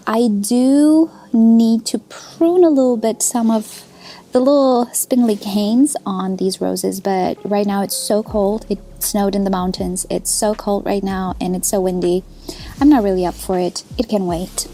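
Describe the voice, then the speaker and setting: A woman's voice: mid-range voice, warm tone, a little hiss or hum. A woman hosting a casual gardening vlog outdoors, chatty and enthusiastic, poking fun at herself. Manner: chatty, enthusiastic, self-deprecating. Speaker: gardening channel host. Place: outdoor garden, windy day.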